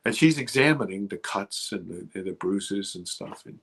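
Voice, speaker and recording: A middle-aged man telling a personal story as a guest, dramatic, dropping to a hush and rising again, with many restarts. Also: fairly low pitch, expressive, moderate pace, slightly rough. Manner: dramatic, swings from loud to hushed, many restarts. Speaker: guest filmmaker. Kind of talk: animated storytelling.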